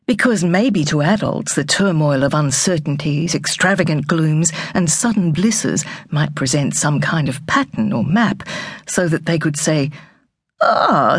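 A woman reads a novel aloud in measured, storytelling narration. Her voice is low and slightly husky, with a lively, lilting pitch. It is recorded close and dry in a studio. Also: no echo. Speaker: audiobook narrator. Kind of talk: scripted narration. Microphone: close studio mic.

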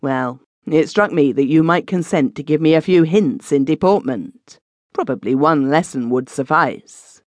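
A woman's voice: low voice, lively intonation, a little slow, no echo. Woman voicing a grim, burly former executioner. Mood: rueful. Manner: formal, solemn.

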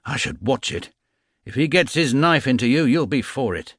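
A man's voice: medium pitch, animated, moderate pace, fairly bright tone, no room sound, clean studio sound, pitched above the performer's own voice. A man voicing a sympathetic, chummy schoolboy in a storybook reading, in a raised voice.

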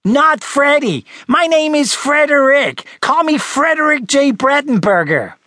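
A male narrator voicing a spoiled, bad-tempered little boy who shouts and drags out his words in a high voice. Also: very animated, no room sound, studio quality, full character voice. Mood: bratty shouting. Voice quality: high, yelling, drawn-out words. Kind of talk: audiobook character voice.

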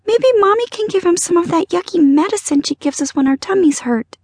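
A woman voicing a sweet, tearful little girl in an audiobook, with a high, meek, childish voice. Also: expressive, brisk, darkish tone, no room sound. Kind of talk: audiobook character voice.

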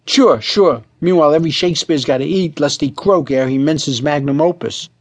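Brash pushy movie producer guy, all slangy sales talk, voice pitched a bit high, as a man reads him out. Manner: brash fast-talking sales pitch peppered with Yiddish slang. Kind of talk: humorous audiobook reading.

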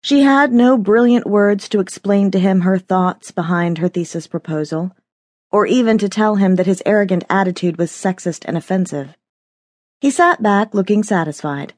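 A woman narrating a novel in a measured, expressive scripted reading. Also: medium pitch, dry recording, studio quality. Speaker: audiobook narrator.

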